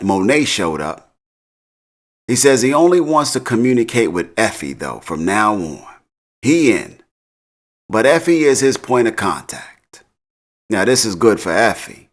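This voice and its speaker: A man's voice: on the low side, very animated, measured pace, pauses often. A man casually recapping a TV episode in slang, laughing often. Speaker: TV recap host.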